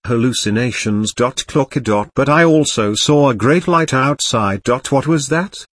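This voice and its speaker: A man's voice: medium pitch, normal speed, a bit bright, dry recording, natural voice. A man voicing a skeptical, worried middle-aged uncle who questions everything, in a read-aloud story. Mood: doubtful.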